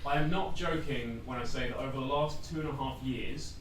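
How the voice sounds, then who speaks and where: A man's voice: mid-range voice, brisk, far from the mic. Theatrical man in a very echoey room. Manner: theatrical, exaggerating, laughing while talking. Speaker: contestant. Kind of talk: casual comedy panel chat. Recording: very echoey room from afar, loud noise.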